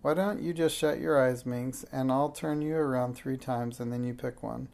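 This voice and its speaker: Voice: mid-range voice, normal speed, gravelly, lightly acted. A reader doing a sensible young girl. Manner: calm, matter-of-fact.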